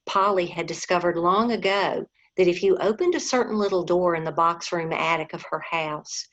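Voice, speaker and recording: A woman reading a storybook aloud, gently, sometimes talking to the listeners directly. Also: lowish voice, moderate pace. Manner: gentle, addresses listeners as guys. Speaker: reader. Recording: dull lo-fi recording.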